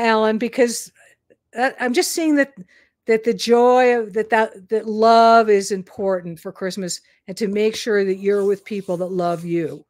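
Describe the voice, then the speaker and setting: A woman giving a hesitant psychic reading on a live stream, pausing often with fillers. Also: medium pitch, a little mellow, no room sound, studio quality. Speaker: psychic reader.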